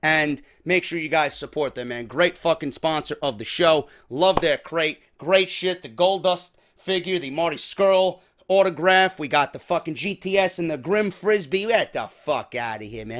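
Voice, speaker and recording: A New York-accented man with a fairly high voice hosts a wrestling show, unboxing merchandise in casual chat. He talks at normal speed with hardly any pauses, excitable and swearing heavily.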